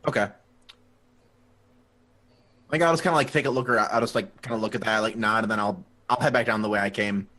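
A man's voice: fairly low pitch, fast talker, long pauses, pushed and bright. Hesitant man playing a tabletop game. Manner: hesitant, lots of "um" and "like". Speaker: player. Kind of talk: casual tabletop play.

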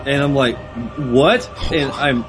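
A man's voice: mid-range voice, normal speed, over music. A man co-hosting a casual gaming podcast, rambling through a story with lots of restarts. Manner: rambling, full of fillers and restarts while telling a story. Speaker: podcast co-host.

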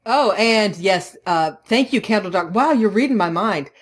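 A woman co-hosting a casual video game podcast, chatty and teasing, quick to laugh. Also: medium pitch, lively intonation, slightly rough. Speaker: podcast co-host. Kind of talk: casual chat about video games.

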